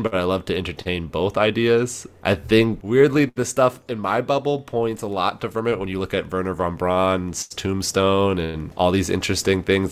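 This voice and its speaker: Deep-voiced man in casual podcast chat. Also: clean tone. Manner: rambling, animated, with laughs and filler words. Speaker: podcast host.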